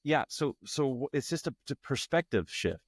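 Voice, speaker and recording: This interview guest is a tantra facilitator, a man whose mid-range voice swings widely in pitch at a normal speed and sounds slightly rough. He talks reflectively, earnest and searching, frequently restarting phrases. The recording is studio quality with no room sound.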